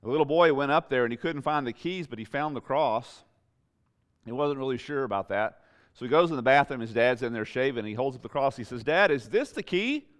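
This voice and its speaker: A man's voice: mid-range voice, fairly quick, clear, resonant tone. A man preaching a sermon as pastor, building emphatic repeated phrases with rising intensity.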